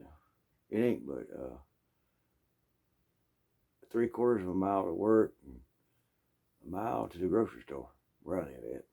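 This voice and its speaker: A man with a Southern US accent telling a rambling, folksy story full of asides and throat-clearing. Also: low-pitched, dark tone. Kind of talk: casual storytelling.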